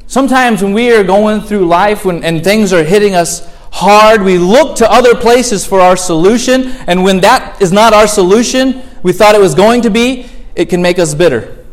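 A man's voice: high-pitched, normal speed. A man preaching a sermon as pastor, earnest, asking the congregation rhetorical questions and acting out complaining prayers.

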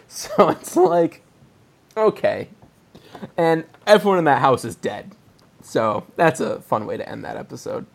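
A man hosting a chatty review podcast, his voice sitting a touch high and swinging widely in pitch. He rambles along loosely, laughing as he goes. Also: moderate pace, creaky. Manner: rambling, laughs often, animated retelling. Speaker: podcast host. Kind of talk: casual review chat.

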